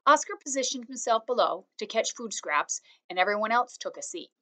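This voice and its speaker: A woman reading a children's novel aloud chapter by chapter, in a calm, steady storytelling manner. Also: fairly high pitch, fairly quick. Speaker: reader.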